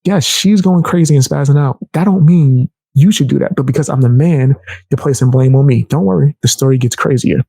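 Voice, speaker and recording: A young man telling a heated personal story in casual, animated speech, raising his voice to act out the people he quotes. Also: medium pitch, fairly quick, gravelly, husky, no echo. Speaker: storyteller vlogger.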